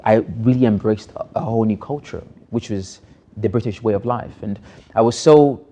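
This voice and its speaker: A man's voice: on the low side, normal speed, warm tone. A young adult man from Nigeria, a film director, answering interview questions in an earnest, reflective way. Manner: earnest, reflective, building emphasis.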